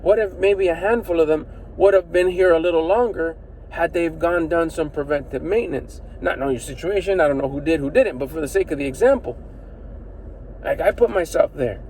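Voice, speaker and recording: A middle-aged man talks to his phone from inside a vehicle in a loose, motivational vlog style. His voice sits a touch high for a man, and he is animated and slangy, swearing freely and firing off rhetorical questions. Faint traffic noise hums behind him. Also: brisk, low-quality recording. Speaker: personal development vlogger. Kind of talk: casual motivational talk to camera.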